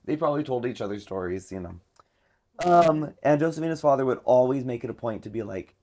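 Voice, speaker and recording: A man's voice: medium pitch, expressive, brisk, a little mellow. A man hosting a podcast, telling a story in casual chat and filling it with lots of filler words. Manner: chatty, many filler words. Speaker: podcast host.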